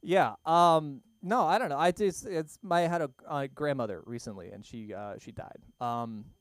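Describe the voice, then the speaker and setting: A man's voice: on the high side, moderate pace, clean tone, dry recording, clean studio sound. A young man doing an open-mic stand-up set in a small comedy club, rambling and self-deprecating, often laughing at his own jokes.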